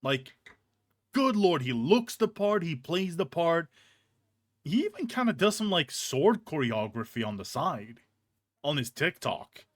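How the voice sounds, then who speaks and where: A young male streamer rants in an unhurried, meandering way, swearing freely and restarting his sentences. His pitch swings widely and sits a little high. The sound is dry and close. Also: no room sound. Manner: animated, profane, rambling with restarts. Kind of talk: casual ranting chat. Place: hot indoor room with a fan on.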